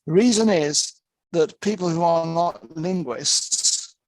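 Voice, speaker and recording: A man with an English accent giving an online lecture over a video call, in a steady, explanatory way. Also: a little high, takes it slowly, no room sound, poor audio.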